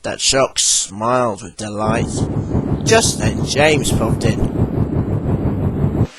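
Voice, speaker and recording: A man narrating a children's storybook in a gentle, expressive way. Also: medium pitch, slow pace, heavy background noise. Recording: background music. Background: music.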